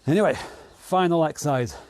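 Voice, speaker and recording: A man's voice: fairly high pitch, a little fast, a little mellow, no room sound, clean studio sound. A man leading an online workout class from his garage, counting down rounds and joking around while out of breath. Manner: jokey, rambling coaching with countdowns. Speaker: fitness instructor. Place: home garage.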